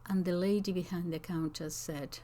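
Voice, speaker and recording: A woman teacher answering viewers' comments in an unscripted talk, slow and thoughtful, with frequent hesitations and restarts. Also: on the low side, fairly even intonation, warm tone. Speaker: language teacher and channel host.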